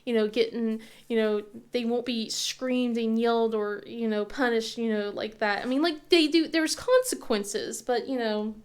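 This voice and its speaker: A woman in her thirties chatting casually as a crafting channel host, rambling and halting with lots of fillers and restarts. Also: a little high. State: tearful at times. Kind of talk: casual chat.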